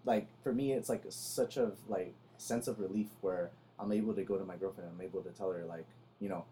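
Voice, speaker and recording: A young man co-hosting a podcast in casual chat, pushing himself to talk louder than he normally does and telling stories with animation, close to the mic. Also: deep voice, steady tone, a little fast, a little hiss or hum. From Salvadoran family in the United States. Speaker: podcast co-host.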